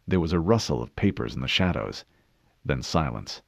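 A man narrating an audiobook in a steady, measured way. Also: extremely low pitch, gravelly, no room sound. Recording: dull dry studio read.

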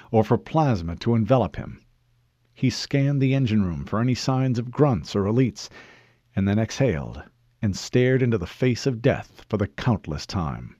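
A man narrating an audiobook in a measured, expressive storytelling manner. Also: fairly low pitch, no echo, highs cut off.

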